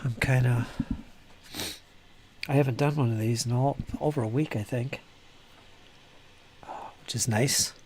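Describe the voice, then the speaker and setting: A man chatting casually on a live hobby stream while building models, rambling and muttering to himself, with a voice he says is going hoarse. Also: medium pitch, fairly even intonation, a little slow, pauses often, a little mellow. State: losing his voice.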